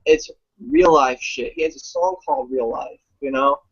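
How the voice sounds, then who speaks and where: A man talking in a casual, rambling way, animated and profane, with lots of fillers. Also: mid-range voice, normal speed, slightly rough. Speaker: guest commentator. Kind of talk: casual chat. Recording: dull lo-fi audio.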